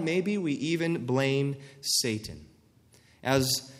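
Earnest male preacher in a reverberant hall. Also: on the high side. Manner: earnest, acts out quoted voices with rising emphasis. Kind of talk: sermon.

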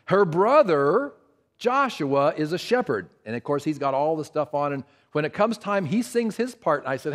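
Older man, pastor, storytelling sermon to a congregation, slightly high voice. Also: very animated, normal speed. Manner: storytelling, asks the congregation questions.

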